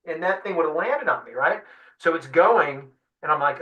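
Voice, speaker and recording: A man being interviewed, telling a lively story and acting out what the others said. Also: on the high side, normal speed. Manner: animated storyteller acting out voices. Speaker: guest fly-fishing guide. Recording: roomy sound, mic at a distance.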